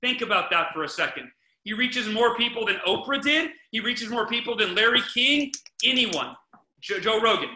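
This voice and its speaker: A podcast host offers casual parenting advice with energy and emphasis, often repeating himself and starting sentences over. His voice sits high at a moderate pace, recorded in an echoey room.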